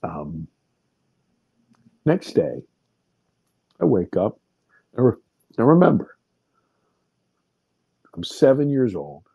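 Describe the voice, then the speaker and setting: Male guest in his fifties, husky mellow voice, dry close sound, animated storyteller. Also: mid-range voice, slow, long pauses, no echo, muffled recording. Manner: vivid, animated retelling with many restarts. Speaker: podcast guest. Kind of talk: personal storytelling in an interview.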